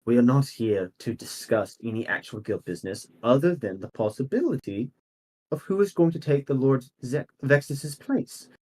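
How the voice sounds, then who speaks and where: A man's voice: medium pitch, expressive, moderate pace, darkish tone, slightly rough, rough recording. A man voicing a fussy, rule-bound elderly guild councillor. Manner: fussy, procedural. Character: elderly male guild councillor, stickler for rules.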